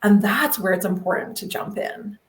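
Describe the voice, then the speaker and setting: A woman's voice: medium pitch, normal speed. A woman hosting a podcast who speaks in a reflective, encouraging way during casual chat. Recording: roomy echo.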